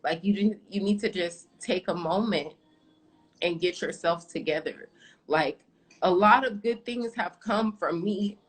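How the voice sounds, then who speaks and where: A woman's voice: on the low side, measured pace, poor audio. A woman in her twenties, an astrologer talking openly and confidingly to her live-stream viewers, calling them "y'all". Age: 20s.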